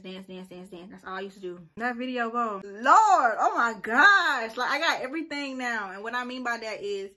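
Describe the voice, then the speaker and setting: A woman chatting casually to her viewers in a reaction vlog, animated and swinging into low muttered asides. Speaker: vlogger.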